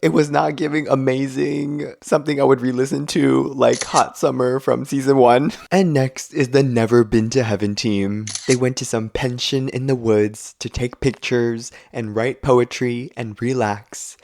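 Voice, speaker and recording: A man's voice: mid-range voice, steady tone, unhurried, vocal fry, hardly any pauses, a little mellow, no room sound, studio quality. A man hosting a casual show recap, talking in a snarky, sarcastic way and laughing between lines. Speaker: video recap host.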